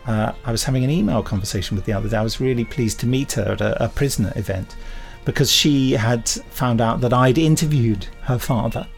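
A man's voice: medium pitch, brisk, vocal fry, hardly any pauses, faint music behind. A man co-hosting a podcast, chatting casually and telling anecdotes with little impressions of other people. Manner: chatty anecdotal storytelling with mimicry. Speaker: podcast co-host. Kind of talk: casual chat.

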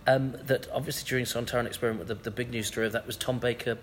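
Low-voiced male interviewer, brisk and chatty, speaks fast over faint ambient noise. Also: steady tone. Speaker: podcast host. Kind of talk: casual interview.

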